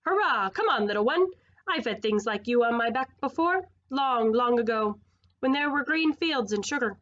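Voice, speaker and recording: A woman voicing a humble, excitable male cab horse who talks quickly and eagerly. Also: on the high side, lo-fi sound. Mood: excited.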